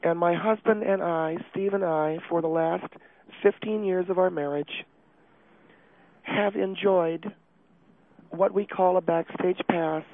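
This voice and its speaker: A prim, distraught middle-aged wife, put on by a man, pours out a self-pitying confession in a halting, breathless voice. Her voice sits high and comes through a thin, phone-like line. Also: steady tone. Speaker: caller.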